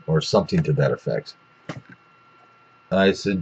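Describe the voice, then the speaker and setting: A man's voice: deep voice, normal speed, slightly rough, muffled recording. A man telling a rambling, profane story in a casual way, with lots of restarts.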